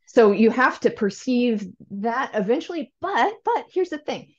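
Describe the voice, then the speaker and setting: A woman's voice: on the high side, sing-song, unhurried, muffled recording. A woman guest in an interview, explaining language learning in a thoughtful way, often correcting herself and acting out learner questions. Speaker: language education expert guest.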